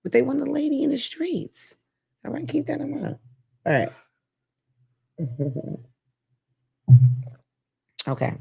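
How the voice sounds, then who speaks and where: A woman's voice: high voice, very animated, slow pace, creaky, long pauses, a little mellow. A woman hosting a call-in talk show, talking frankly and sassily, laughing at her own jokes. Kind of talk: live call-in show monologue.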